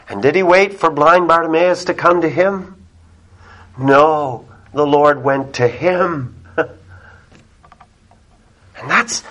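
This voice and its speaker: A man preaching a sermon as pastor, emphatic, moving between loud calls and hushed, low passages. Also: low-quality recording.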